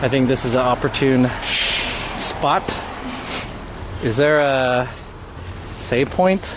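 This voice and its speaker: This IRL streamer, a man with a medium-pitched voice, speaks slowly while live-streaming outside in light rain. His story wanders, peppered with curses and plenty of "like". Behind him is the sound of the street.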